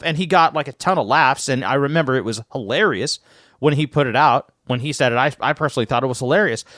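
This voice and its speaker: Man, podcast co-host, casual chat, animated and profane, slightly high voice, dry close mic. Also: dry recording. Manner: animated, swearing, many restarts.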